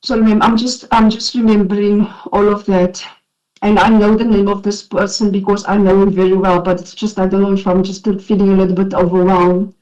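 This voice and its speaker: A South African woman speaks as a witness at a formal inquiry, her voice shaky with emotion. She is earnest and halting, restarting her sentences. The recording is dull and lo-fi. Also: mid-range voice, level tone, darkish tone. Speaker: witness, former police investigator.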